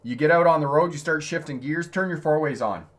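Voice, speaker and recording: Speaking a little high and briskly, this man is a driving instructor fielding questions from viewers during a live stream. He keeps it conversational and laughs frequently.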